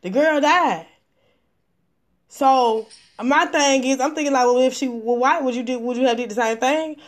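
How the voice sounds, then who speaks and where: A woman with a somewhat high voice speaks in a casual livestream. She talks emphatically, stacking repeated phrases as she drives her points home. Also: moderate pace. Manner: emphatic and repetitive, building indignation. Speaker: livestream host.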